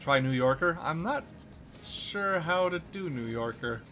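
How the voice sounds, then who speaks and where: Bright-voiced male game streamer. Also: fairly high pitch, lively intonation, unhurried, faint music behind. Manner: joking, laughing often, greeting chat. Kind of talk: casual game-stream commentary.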